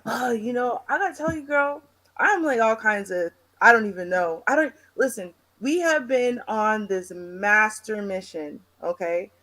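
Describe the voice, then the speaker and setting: A woman from Canada co-hosting a podcast, telling stories in an animated, dramatic, chatty way. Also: mid-range voice. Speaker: co-host. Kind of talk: casual chat.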